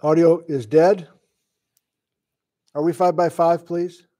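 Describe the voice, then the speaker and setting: A man's voice: fairly high pitch, level tone, takes it slowly, mellow. A middle-aged man from Wisconsin, a sleep-deprived geology lecturer, thinking aloud in a flustered, casual live-stream lesson. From Wisconsin, USA.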